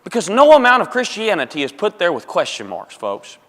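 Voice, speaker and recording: A man's voice: sits high, huge pitch swings, fairly quick, fairly bright tone. A man preaching a sermon to his congregation, emphatic and repetitive, calling them folks and brethren. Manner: emphatic, repeats phrases for stress, addresses congregation as folks. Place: church auditorium. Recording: long reverb of a church hall.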